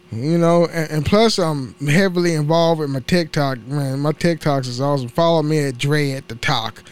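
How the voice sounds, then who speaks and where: High-voiced man rambling on his podcast. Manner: rambling, profane, laughs at himself. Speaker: podcast host. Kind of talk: casual solo podcast chat.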